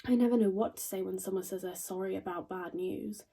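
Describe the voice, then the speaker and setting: A sardonic young woman in her twenties delivers a stage monologue full of dry, crude asides. Her voice is dark and a little husky. She sounds a touch distant from the mic. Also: mid-range voice, a little fast. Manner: wry, deadpan, crude asides. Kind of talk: theatrical monologue.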